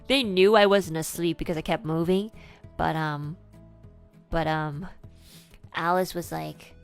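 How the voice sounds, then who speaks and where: A young woman telling a personal story to a live audience, rambling and animated, full of fillers and restarts, jumping from hushed asides to loud outbursts. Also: fairly low pitch, moderate pace, clear, resonant tone, soft background music. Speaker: streamer.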